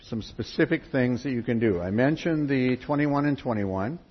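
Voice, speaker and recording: A man's voice: medium pitch, animated, moderate pace, husky. Folksy man telling parables to a gathering. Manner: folksy storyteller, leads the group directly. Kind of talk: sermon with storytelling. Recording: dull lo-fi, faint noise.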